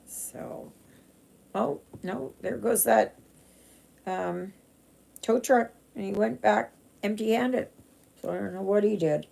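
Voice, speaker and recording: A Canadian cross-stitch vlogger rambles casually on a live stream while she stitches, full of fillers and restarts. Her medium-pitched voice is mellow and slow, with vocal fry and long pauses.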